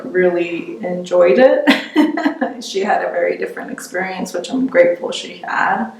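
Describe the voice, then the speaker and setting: A middle-aged woman giving an oral history interview, reflective and halting, often restarting her sentences. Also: on the low side, a little mellow. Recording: roomy, distant mic.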